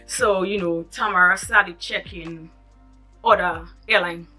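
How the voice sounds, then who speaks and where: A woman telling a storytime vlog, animated and dramatic, with frequent asides to her viewers. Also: fairly low pitch, takes it slowly, faint music behind. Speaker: vlogger.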